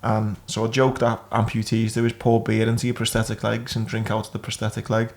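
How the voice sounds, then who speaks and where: A man's voice: fairly low pitch, completely flat delivery, a little fast. Man telling crude funny hospital anecdotes. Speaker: podcast host. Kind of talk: casual chat.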